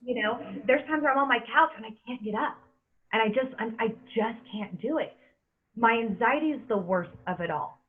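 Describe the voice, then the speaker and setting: A woman's voice: fairly high pitch, moderate pace. Earnest woman in her thirties on tinny audio. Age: 30s. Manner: earnest, emphatic, repeats words when upset. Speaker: podcast host. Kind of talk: casual podcast chat.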